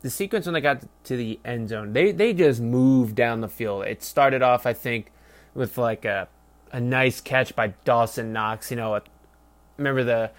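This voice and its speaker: A man's voice: mid-range voice, moderate pace. Profane young man ranting about football. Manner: profane, rambling, mocking, swings from loud to mumbled. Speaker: sports podcast host. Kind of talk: casual solo game review rant.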